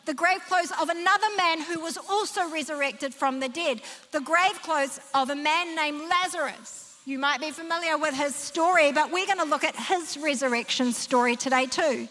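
Bright-voiced woman preaching in a reverberant hall. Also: moderate pace, hardly any pauses. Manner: emphatic, vivid storytelling with sweeping pitch. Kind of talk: sermon. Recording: long reverb of a large hall.

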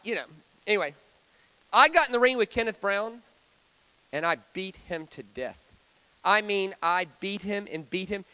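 A man preaching a storytelling sermon, talking to the audience in a conversational way with dramatic swings between loud and soft. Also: sits high, a little fast, clear, resonant tone. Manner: conversational, asks the audience questions.

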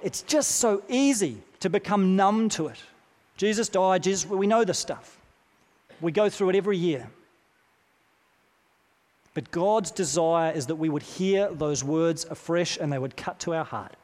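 Man preaching, slightly high voice, earnest, deliberate pauses, long hall reverb. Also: a little mellow. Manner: earnest, repeats key phrases with slow deliberate pauses. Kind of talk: sermon.

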